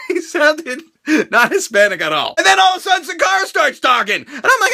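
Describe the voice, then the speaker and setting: A man's voice: very high-pitched, big pitch swings, moderate pace, vocal fry, pushed and bright. A man ranting in a profane, sarcastic reaction vlog about a wrestling show.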